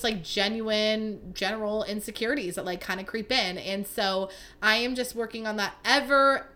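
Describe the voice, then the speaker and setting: Bright-voiced, chatty young woman podcaster. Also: a little high. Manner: chatty, animated, gets fired up and rants. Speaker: podcast host. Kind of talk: casual solo podcast chat.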